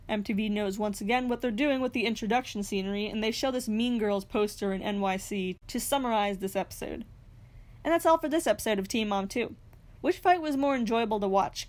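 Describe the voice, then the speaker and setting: A young woman narrating a reality TV recap in a scripted way, with sarcastic, snarky asides. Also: a little high. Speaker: recap host.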